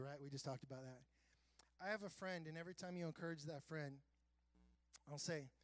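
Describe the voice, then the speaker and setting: A high-pitched male pastor delivers an earnest sermon, his voice pushing up and getting louder as he presses a point, with sarcastic asides along the way. The recording is dry and close, with no room sound around him. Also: no room sound. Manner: earnest preaching with self-described sarcastic humor; builds to loud, high emphatic passages.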